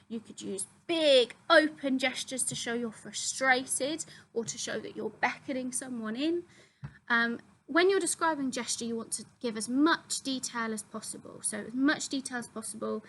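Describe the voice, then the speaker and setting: A woman's voice: on the high side, moderate pace, fairly bright tone, slight background noise, poor audio. A young woman, a drama teacher, steadily explaining acting terms to her students with frequent ums. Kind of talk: classroom explainer video.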